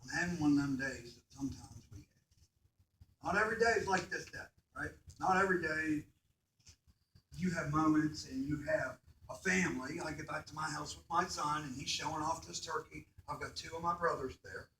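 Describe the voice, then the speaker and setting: A man's voice: a little high, brisk, pushed and bright, a little hiss or hum. A man speaking to a school audience, telling an emotional personal story and often asking them questions like "right?". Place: school hall. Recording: echoey hall, speaker far from the mic.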